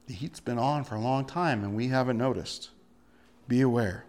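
A man's voice: medium pitch, animated, fast talker, darkish tone. A male pastor delivering a sermon emphatically, full of rhetorical questions and repeated words.

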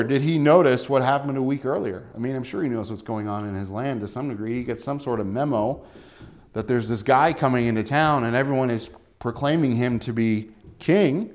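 A man's voice: medium pitch, a little mellow. A man preaching a sermon in a conversational way, often asking rhetorical questions.

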